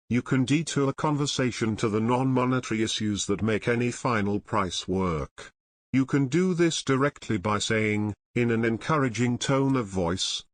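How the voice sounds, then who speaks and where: A man narrating an audiobook summary in a measured, even reading style. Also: fairly low pitch, dry recording. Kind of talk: scripted narration.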